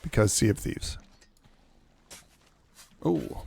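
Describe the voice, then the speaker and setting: His voice is on the low side, gravelly and darkish, moving at a moderate pace. During this live pirate-game stream he keeps restarting his rambling rule explanations, correcting himself and muttering asides as he plays, all in a casual commentary style.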